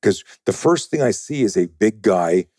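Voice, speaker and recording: A man being interviewed as a self-defense trainer, telling animated, profane stories and acting out other people's voices. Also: on the low side, normal speed, no echo, studio quality. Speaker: guest, self-defense and fear-management trainer. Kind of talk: conversational storytelling in a podcast interview.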